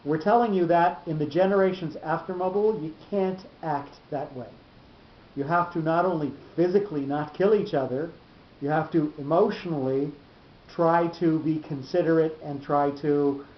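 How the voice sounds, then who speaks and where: A man with a slightly high voice teaches a Torah class, explaining things step by step and often repeating words while gathering his thoughts. The room echoes, the sound is dull, and a faint rumble lies beneath.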